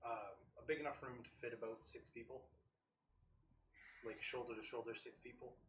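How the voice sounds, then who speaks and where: A man's voice: medium pitch, fairly even intonation, moderate pace, a bit bright. A man narrating a tabletop game as game master, describing scenes casually with fillers. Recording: echoey room from far off, faint noise.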